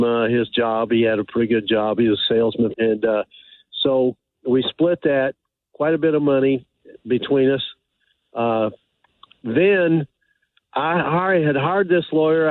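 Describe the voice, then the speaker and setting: A man calling in to a talk show, telling his story in a halting, rambling way with many fillers. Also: medium pitch, no room sound. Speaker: caller. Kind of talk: phone-in call. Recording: tinny phone line.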